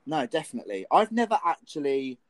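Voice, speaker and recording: A man's voice: on the high side, very animated, brisk, dry recording. A young man from England chatting casually, playful and teasing, laughing often. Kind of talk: casual chat.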